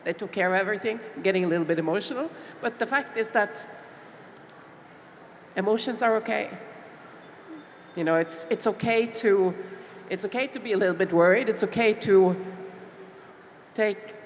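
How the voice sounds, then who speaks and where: A middle-aged woman from Norway, speaking on a panel as a small business owner, heartfelt and reflective with many pauses and fillers. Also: mid-range voice. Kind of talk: panel discussion talk. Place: large expo hall stage. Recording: long hall reverb with faint background noise.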